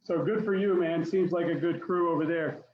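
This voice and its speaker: A man's voice: on the high side, steady tone, moderate pace. A man hosting a wrestling podcast, chatting with enthusiasm and laughing easily while asking his guest questions. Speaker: podcast host and wrestling parent. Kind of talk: casual interview chat. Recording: dull, roomy remote call audio with faint noise.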